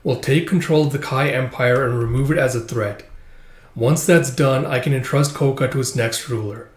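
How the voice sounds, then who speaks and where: A man voicing a wounded young king who speaks quietly and with resolve. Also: mid-range voice, moderate pace, lightly acted. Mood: resolute. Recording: roomy echo.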